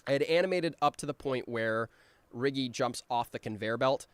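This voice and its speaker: A man giving casual creator commentary on his own cartoon, rambling with many ums and restarts, and now and then acting out his characters' lines in quick voices. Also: mid-range voice, clear, resonant tone, no echo.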